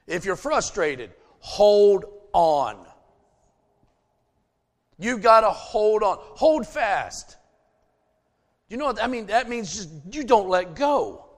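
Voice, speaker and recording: A middle-aged man preaching a sermon, emphatic and folksy, telling personal stories to his congregation. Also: high-pitched. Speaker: pastor. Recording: long hall reverb.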